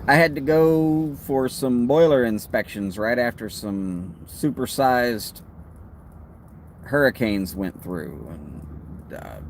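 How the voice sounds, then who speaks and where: Relaxed Texan man chatting on a livestream. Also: mid-range voice, a little hiss or hum. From Texas. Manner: relaxed and rambling, friendly asides. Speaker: host of a pipe-smoking livestream. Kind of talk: casual livestream chat.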